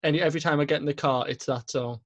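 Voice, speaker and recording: A young British man hosting a casual interview podcast, relaxed and agreeable, laughing easily. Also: fairly high pitch, fast talker, dull audio. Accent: British English. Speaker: podcast host.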